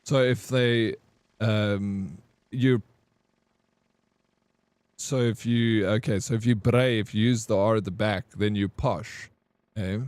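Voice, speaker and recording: A man's voice: fairly low pitch, steady tone, slow pace, long pauses, a little mellow, clean tone, dry recording. A South African man chatting casually with his viewers during a live game stream, reading and answering their comments. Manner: chatty, laid-back, reads and answers chat.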